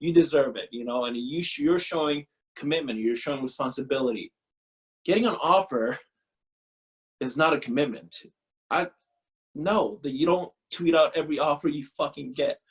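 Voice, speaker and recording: A man's voice: fairly high pitch, moderate pace, poor audio. Blunt, profane man ranting. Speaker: guest, former pro pitcher. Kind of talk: casual interview chat.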